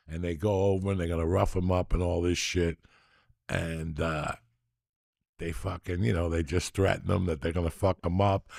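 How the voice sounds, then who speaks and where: A man hosting a podcast, telling stories in a loose, profane, excitable way. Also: low voice, unhurried, gravelly, pauses often, dry recording, studio quality. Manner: profane, excitable, animated storyteller. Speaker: podcast host. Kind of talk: casual storytelling chat.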